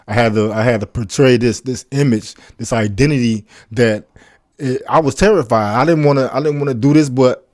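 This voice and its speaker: A man who is a podcast guest, telling his own story in a reflective, earnest way, with halting restarts. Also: medium pitch, darkish tone, no room sound, studio quality. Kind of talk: casual conversational storytelling.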